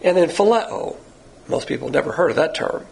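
A man's voice: on the high side, lively intonation, normal speed, creaky. A man teaching a Bible lesson in a blunt, lecturing sermon style, pointing to words he has written up. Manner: blunt, lecturing, uses a board.

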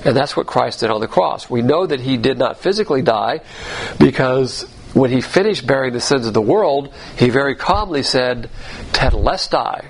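A man preaching an expository Bible lesson, spelling out Greek words letter by letter in a measured teaching delivery. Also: mid-range voice, gravelly, slight background noise, low-quality recording. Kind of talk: expository sermon.

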